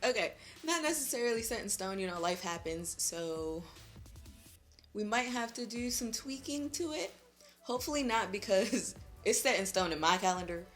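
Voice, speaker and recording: A young woman talks casually to camera as she does her makeup, chatty and full of slang, laughing easily. Her voice sits at an ordinary middle pitch, with faint music playing behind her. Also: lively intonation, moderate pace, a bit bright. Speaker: beauty vlogger. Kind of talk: casual vlog chat while doing makeup.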